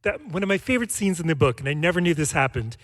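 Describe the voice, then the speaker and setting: A man's voice: on the high side, expressive, very fast, fairly bright tone. A man interviewing a guest onstage, asking questions in an enthusiastic, admiring way.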